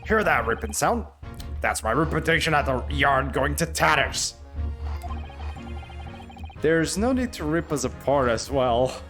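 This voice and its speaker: Man doing a gruff English inspector, condescending, blustering, lively pitch, faint music behind. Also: a little slow, pauses often. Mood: scornful.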